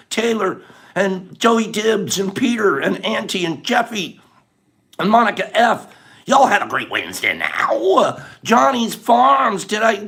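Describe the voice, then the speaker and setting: A middle-aged man hosting a livestream, rapidly thanking viewers by name in a warm, effusive way. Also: high voice, gravelly. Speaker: livestream host. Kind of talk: casual livestream sign-off.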